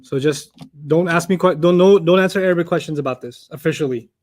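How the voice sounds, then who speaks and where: A man teaching an Arabic lesson to a class, explaining word order with lively made-up examples and questions to the students. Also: fairly high pitch, fast. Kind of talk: classroom lecture.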